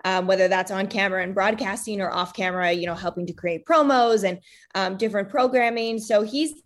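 Woman, 30s, interview guest; chatty, filler-heavy, medium pitch. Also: brisk. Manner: chatty, many fillers, acts out quoted lines. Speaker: guest, wife of a retired fighter. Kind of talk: casual interview talk.

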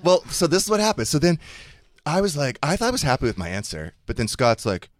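Animated man hosting a chat show. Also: a little high, fast talker, no echo. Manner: animated, jokey, self-deprecating, swears freely. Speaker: radio show host. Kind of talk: casual chat.

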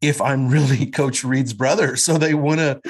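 A man in his fifties from the Kansas City area, talking as a guest in a casual interview. He reminisces in a warm, rambling way, full of fillers and restarts, at an ordinary middle pitch. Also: fairly even intonation, moderate pace, husky. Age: 50s. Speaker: actor guest. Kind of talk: casual conversation.

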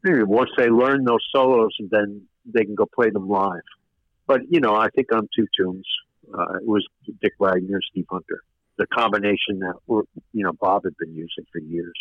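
Older male producer guest, low pitch, meandering anecdotes, muffled lo-fi broadcast. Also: normal speed, dry recording. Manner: rambling, many fillers and restarts. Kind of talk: casual interview storytelling. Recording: dull lo-fi radio sound.

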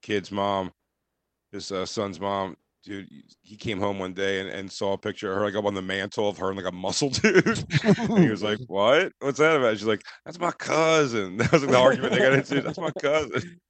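A man's voice: lowish voice, brisk, no echo. A man co-hosting a podcast in casual chat, rambling and hesitant with lots of fillers. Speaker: podcast co-host.

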